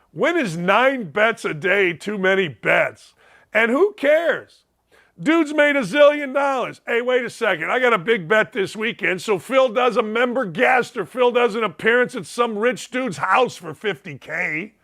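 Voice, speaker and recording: A middle-aged man hosting a sports talk show, loud and fired up, ranting with bursts of shouting. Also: sits high, lively intonation, measured pace, vocal fry.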